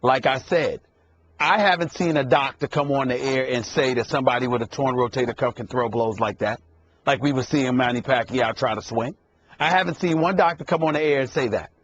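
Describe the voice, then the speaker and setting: A man's voice: mid-range voice, a little fast, a bit bright, highs cut off, slight background noise. A man in a heated sports debate, hammering his point by repeating it and cutting in. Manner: emphatic, repeats himself for emphasis, cuts in.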